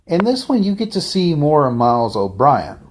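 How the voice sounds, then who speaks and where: A man's voice: fairly high pitch, very animated, moderate pace, slight background noise. A man giving a casual, unscripted fan review, rambling off the cuff with frequent asides and restarts.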